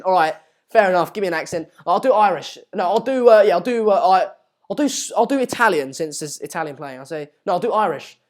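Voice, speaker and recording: A man's voice: high-pitched, expressive, fast talker. Man, from Sweden, live stream host, casual football commentary, chatty. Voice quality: chatty, reads viewer comments aloud. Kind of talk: casual match watchalong commentary.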